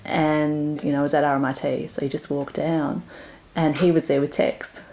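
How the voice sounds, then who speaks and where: A woman's voice: low voice, little pitch movement, normal speed, mellow, slight background noise. A woman, casually sharing a memory in conversation. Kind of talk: casual chat.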